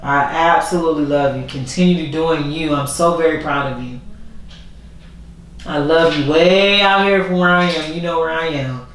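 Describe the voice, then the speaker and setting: A woman with a low-sitting voice talks at a moderate pace in a candid, rambling vlog, repeating herself as she speaks from the heart. There's slight background noise. The camera isn't working, so only her voice is captured, far from the mic in a very echoey space.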